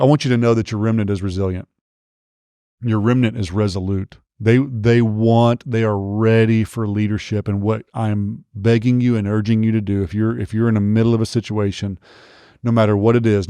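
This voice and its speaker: A man's voice: lowish voice, mellow, smooth, no echo, clean studio sound. A man hosting a leadership podcast, speaking earnestly and urgently, repeating his points and checking in with "okay?". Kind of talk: motivational podcast monologue.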